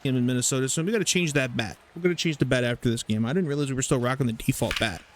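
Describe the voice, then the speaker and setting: A young man casually commentating his baseball video game, rambling, swearing and getting excited over plays. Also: medium pitch, very fast, background noise. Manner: chatty, rambling, profane, excitable. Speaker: gaming YouTuber. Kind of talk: casual let's-play commentary.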